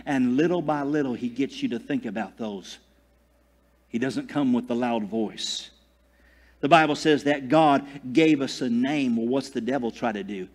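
A man preaching a sermon, swinging from loud declarations to hushed near-whispers, with asides and jokes. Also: mid-range voice. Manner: tells jokes and laughs at himself. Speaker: pastor.

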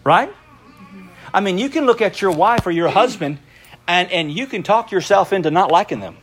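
A middle-aged man preaching a sermon as a pastor, telling stories in a lively way and laughing often. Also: sits high, moderate pace.

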